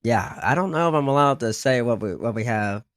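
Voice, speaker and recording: A man's voice: mid-range voice, lively intonation, a little fast, fairly bright tone, no room sound, studio quality. A young man, a podcast guest, talking earnestly and often trailing off and restarting his sentences. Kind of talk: casual podcast chat.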